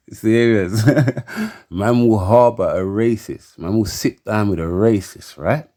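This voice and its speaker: Deep-voiced man, heated rant to camera, repetitive and stammering. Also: measured pace, dark tone. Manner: heated and emphatic, keeps asking for agreement; stammers and repeats words. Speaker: commentator.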